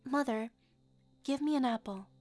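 A woman voicing a little girl asking her mother for an apple, high and pleading. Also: moderate pace, darkish tone, soft background music, lightly acted.

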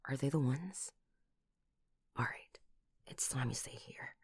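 A woman voicing a doting, protective lover who kills for her partner, in a whispered role-play with breathy whispers and sudden loud outbursts, close to the microphone. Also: rumbling low, slow pace, no echo, exaggerated voice. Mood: doting worried.

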